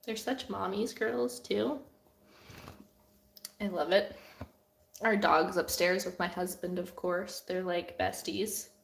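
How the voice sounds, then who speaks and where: Young woman, easygoing live-stream host; slow, giggly, filler-heavy chat, roomy home camera sound. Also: medium pitch, steady tone, creaky. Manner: chatty, giggly, lots of "like" fillers. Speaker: artist hosting a live Q&A. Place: at home with her cats. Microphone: camera on a desk.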